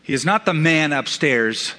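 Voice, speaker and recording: A man's voice: on the high side, expressive, moderate pace, sharp tone, long reverb tail. A middle-aged man preaching a sermon as pastor, emphatic, with dramatic repetitions.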